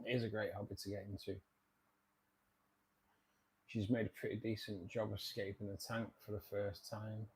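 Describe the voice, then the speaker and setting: Bloke chatting on his fish livestream, kinda low voice, repeats stuff, cracks jokes. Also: level tone, normal speed, pauses often, a little mellow, slight background noise. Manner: chatty, jokey, repeats himself. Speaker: livestream host reading viewer comments. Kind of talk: casual livestream chat.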